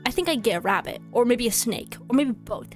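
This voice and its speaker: A woman's voice: on the high side, expressive, fairly quick, soft background music, close to an everyday voice. A woman reading the lines of a cheerful, joking teenage girl in a game, in her own voice.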